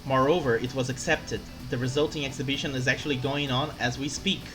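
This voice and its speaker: A player voicing a poised, formal young male art student from a video game, speaking in a measured, lowered tone. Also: fairly even intonation, music in the background, close to an everyday voice, rough recording. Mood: proud. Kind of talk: reading game dialogue aloud.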